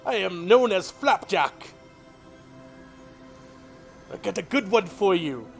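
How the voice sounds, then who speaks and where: A man's voice: high-pitched, expressive, gravelly, fairly bright tone, faint music behind, pitched above the performer's own voice, full character voice. A man voicing a jovial male pirate with a put-on pirate accent who loves telling bad jokes. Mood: hearty. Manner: hearty, drawn-out pirate slang.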